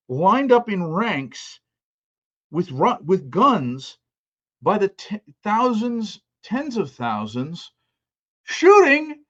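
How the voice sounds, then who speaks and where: A man's voice: very high-pitched, a bit bright, lo-fi sound. A man co-hosting a podcast in casual discussion, rambling and repeating himself as he restarts his sentences. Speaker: podcast co-host.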